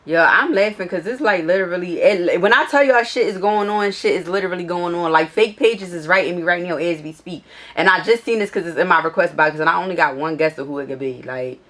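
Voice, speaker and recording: Brief: young woman, lowish voice, profane, animated storytime vlogger. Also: quick pace, hardly any pauses. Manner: animated, profane, addresses viewers directly. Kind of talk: casual storytime chat. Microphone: iPad camera.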